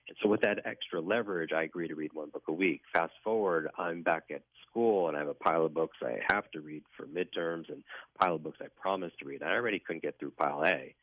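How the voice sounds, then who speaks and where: A man's voice: deep voice, quick pace, dry recording. A man telling his personal story as a guest in a radio interview, in an earnest, reflective way. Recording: dry tinny phone line.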